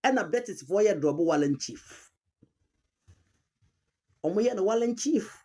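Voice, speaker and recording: A woman's voice: medium pitch, animated, a little slow, warm tone, breathy edge. A woman with a Ghanaian accent giving emphatic commentary, repeating key terms and mixing languages as she argues a point. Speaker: commentator on chieftaincy history. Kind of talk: argumentative online commentary.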